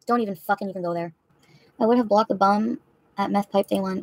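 A woman's voice: mid-range voice, a little fast, no room sound. A woman livestreamer answering her chat in a heated, profane, confrontational rant.

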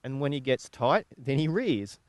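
A man with an Australian accent working as a horse trainer, explaining groundwork exercises in a relaxed, conversational way, pausing and restarting as he goes. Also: mid-range voice, dry recording. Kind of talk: instructional video talk.

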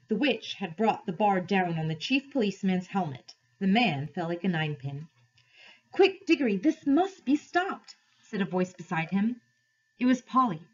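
A woman teacher reads a novel aloud to her class at an expressive, measured pace. Her voice is a little husky, and the recording is dull and lo-fi. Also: mid-range voice.

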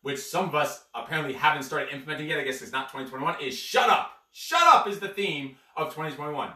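Loud profane man ranting, roomy sound. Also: fairly high pitch, distant mic. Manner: blunt, swearing, fired-up bursts. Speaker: podcast co-host, coach. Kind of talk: profane motivational rant. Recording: echoey room, off-mic.

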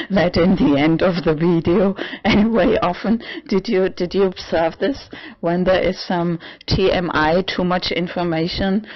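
A woman in her apartment, rambling in a personal vlog with non-native English phrasing, halting restarts and sudden swearing, a little tipsy. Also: on the low side, muffled recording. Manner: halting, many restarts and fillers, swings into swearing and emotional outbursts. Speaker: vlogger. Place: own apartment.

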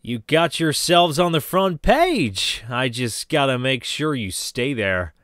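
A woman voicing a jovial adult male newspaper reporter with a hearty, drawn-out delivery. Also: extremely low pitch, big pitch swings, a bit bright, no room sound, voice pushed down, full character voice.

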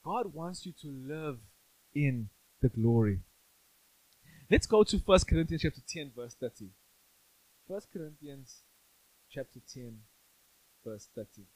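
A man's voice: on the high side, animated, a little slow, pauses often, a little mellow, poor audio. A male pastor giving a sermon in a church, conversational and playful, often asking the congregation questions.

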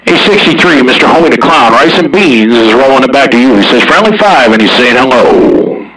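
A man's voice: mid-range voice, fairly quick, a loud crowd. A man chatting casually over a CB radio in a drawling, slangy manner, recorded from some distance. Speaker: CB radio operator.

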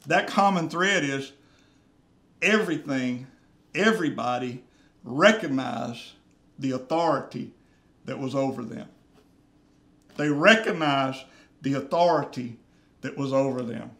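A man's voice: fairly high pitch, slow pace, long pauses, a bit bright. A man preaching a sermon as pastor, earnest and repeating phrases for emphasis. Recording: roomy church echo.

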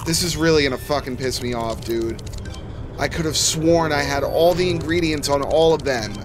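A young man streaming a horror cooking game live, grumbling and swearing constantly, with sudden bursts of shouting. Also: fairly high pitch, normal speed, over music. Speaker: gaming streamer. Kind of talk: live gameplay commentary.

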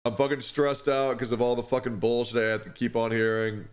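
A young man streams live while distressed and stressed, speaking in halting, repeated words with apologies and heavy swearing. His voice is medium-pitched and level in tone.

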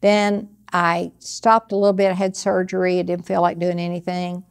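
An older woman giving a conversational sermon, teaching earnestly from personal experience in a steady, plain way. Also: on the low side, normal speed, vocal fry, clear, resonant tone. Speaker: Bible teacher.

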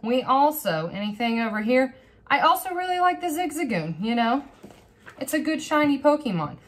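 A woman hosting her own channel, opening trading cards in a bubbly, excitable, rambling way. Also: high voice, normal speed, a little hiss or hum. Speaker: host of a card-opening channel. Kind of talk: casual card-opening vlog.

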